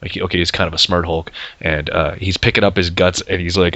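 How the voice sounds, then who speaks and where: A man with a very deep, bright-edged voice rambles loosely through comics chat as a podcast host. The mic is dry and a little dull. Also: fairly even intonation, fast, dry recording. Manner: rambling, swears, laughs often. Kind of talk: casual chat.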